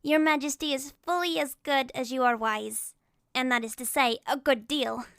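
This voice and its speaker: A man voicing a polite, gentle young boy in an audiobook, soothing and meek. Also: fairly even intonation, moderate pace, vocal fry, clear, resonant tone, full character voice. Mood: grateful. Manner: soothing, meek, high boyish voice. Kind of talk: audiobook character voice.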